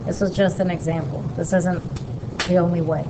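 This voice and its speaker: Chatty woman teaching software, noisy recording. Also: lowish voice, flat delivery. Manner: chatty, asks quick check questions. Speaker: instructor. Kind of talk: casual screen-recorded lesson.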